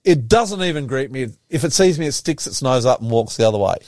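Australian male co-host, dry teasing banter, mid-pitched voice, dead-dry studio sound. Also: animated, a little mellow, dry recording. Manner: dry teasing, reads lists out quickly. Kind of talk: casual chat.

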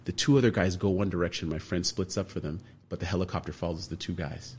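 A man from Canada, a guest on a radio show, telling a long story with lively energy and acting out the other people in it. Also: low-pitched, quick pace, husky. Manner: animated storyteller, acts out other people's lines.

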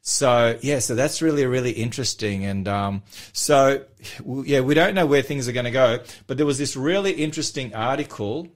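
A man's voice: medium pitch, moderate pace. A man co-hosting a radio show as a church pastor. He chats casually, rambling with many fillers and false starts. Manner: rambling, hesitant, self-deprecating.

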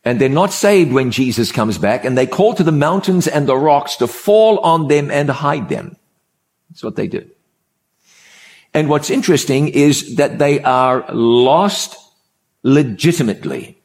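A preacher with a slightly high, slightly mellow voice and lively intonation begins his sermon with a story. He talks conversationally, leaves measured pauses, and repeats important words for emphasis.

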